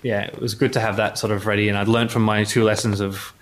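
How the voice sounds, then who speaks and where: A man's voice: lowish voice, level tone, fast talker. A man, a journalist telling casual anecdotes in an interview, rambling with many restarts. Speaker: motorsport journalist.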